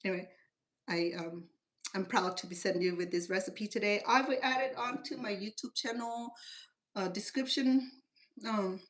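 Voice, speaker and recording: Her voice is medium in pitch and fairly bright. She is a middle-aged Cambodian-accented woman whose first language is Khmer, hosting a home cooking channel and rambling chattily through stories in broken English in her kitchen.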